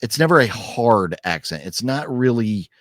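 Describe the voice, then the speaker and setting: A man co-hosting a casual film review chat, rambling with restarts and sudden lively jumps. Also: mid-range voice, moderate pace, dry recording, studio quality. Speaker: podcast co-host.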